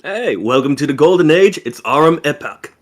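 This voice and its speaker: A man's voice: a little high, animated, normal speed. A man guest on a livestream, chatting casually with a teasing, drawling delivery that gets compared to a narrator's. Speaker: guest streamer.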